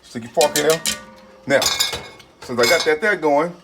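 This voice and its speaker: A man hosting a home cooking video, talking folksy and excitable, with catchphrases aimed at his viewers. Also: on the high side, normal speed, music in the background. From Texas. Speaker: home cooking channel host. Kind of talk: casual cooking video talk. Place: home kitchen.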